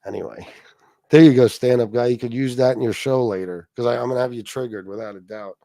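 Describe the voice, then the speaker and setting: A man's voice: medium pitch, fairly even intonation, fast talker, warm tone, no echo, clean studio sound. A middle-aged man hosting a livestream, ranting and mocking a rival with heavy swearing and asides to viewers. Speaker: livestream host. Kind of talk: casual profane rant.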